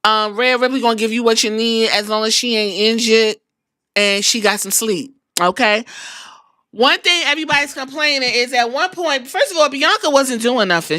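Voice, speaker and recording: A woman hosting a podcast, recapping wrestling in a casual, animated and profane way. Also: fairly high pitch, dry recording, studio quality. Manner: animated, profane, acts out quotes. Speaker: podcast host.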